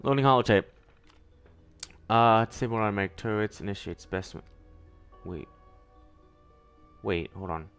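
A young man giving excitable let's play commentary, often yelling and laughing at the game. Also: on the low side, normal speed, pauses often, clear, resonant tone, soft background music. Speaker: gameplay commentator.

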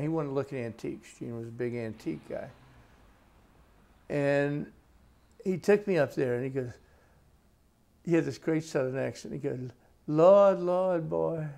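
Author interview: gravelly man in his 60s, dark-toned voice, folksy and unhurried storyteller. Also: mid-range voice, lively intonation. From United States. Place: his home.

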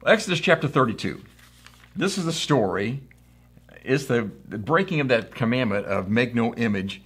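A man's voice: mid-range voice, very animated, normal speed, fairly bright tone, husky. A middle-aged man from the United States preaching a conversational sermon, telling stories and acting out quotes. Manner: conversational storytelling with acted quotes. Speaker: pastor.

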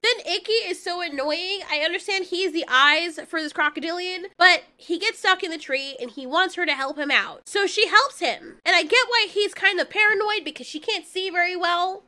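A woman casually recapping an animated film, blunt and profane, often breaking into laughter. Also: very high-pitched, moderate pace, few pauses. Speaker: film reviewer. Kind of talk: casual movie recap commentary.

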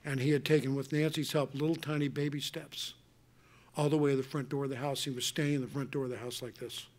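Earnest older man telling family stories. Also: medium pitch. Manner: earnest, animated, with many restarts. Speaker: speaker answering audience questions. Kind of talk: emotional personal storytelling. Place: conference hall.

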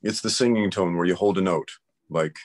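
A man with a notably low, deep voice talks through his views in a relaxed interview. He explains emphatically and firmly, sounding like someone holding strong opinions. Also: quick pace. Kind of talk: casual conversation.

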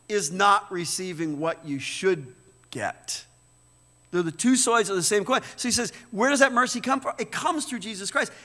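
A man's voice: high voice, bright, forceful tone. A man preaching a sermon as pastor, emphatic, repeating words and checking in with "right?". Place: church sanctuary. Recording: church hall reverb.

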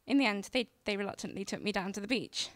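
A woman telling a childhood story on stage in an excitable, plain, repetitive way. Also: mid-range voice, fast talker, no echo. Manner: excitable, repeats herself, plain and direct. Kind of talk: live personal storytelling. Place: stage before a live audience.

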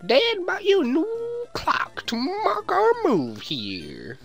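A man doing a high falsetto voice for a sweet, doting mother while reading game dialogue aloud. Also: wildly swooping pitch, takes it slowly, gravelly, faint music behind, full character voice. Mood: cooing. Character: sweet doting mother, middle-aged woman.

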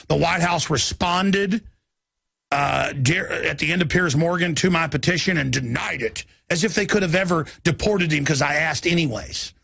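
This radio talk show host, a man, rants through a fiery political monologue, mocking opponents and shifting into impressions. His fairly high voice is creaky, husky, pushed and bright, at normal speed, in a dry, studio-quality recording.

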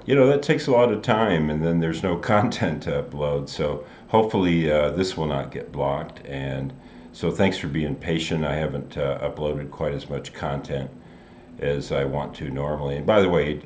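An older man hosting a music reaction video, talking casually and musing, often pausing to search for his words. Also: a bass voice, darkish tone, a little hiss or hum. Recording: roomy room with faint music.

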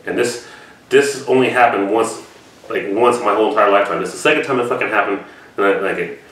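Speaking quickly in a lowish, fairly bright voice, this reaction channel host rambles through a story to camera and swears heavily. The sound comes from a distance in an echoey room.

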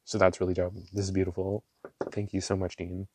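A man gushing over ink swatches in a casual vlog, excitable and quick to laugh. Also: sits low. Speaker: ink reviewer. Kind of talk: casual show-and-tell vlog. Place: small home room.

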